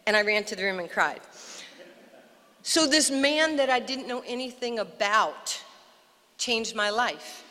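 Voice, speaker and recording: Animated New York woman telling stories. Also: a little high, measured pace, pauses often, long reverb tail. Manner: animated storyteller, acts out quotes. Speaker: guest speaker. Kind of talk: storytelling speech. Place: outdoor park dedication.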